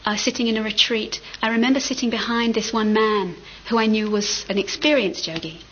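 A middle-aged woman giving a dharma talk as a meditation teacher, gentle and reflective with unhurried pauses. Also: fairly high pitch, fairly even intonation, breathy edge. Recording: slightly muffled with faint ambience.

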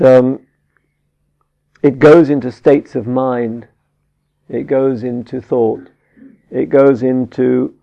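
A man teaching a Buddhist dharma talk, halting and searching for words with frequent restarts, on a dull lo-fi recording. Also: mid-range voice, gravelly, warm tone. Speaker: meditation teacher.

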